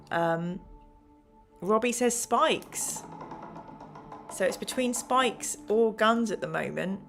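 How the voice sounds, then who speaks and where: A woman's voice: medium pitch, slow pace, vocal fry, pauses often. A woman hosting a live gamebook play-through, reading passages aloud and counting the chat's votes in a chatty way. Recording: faint music behind.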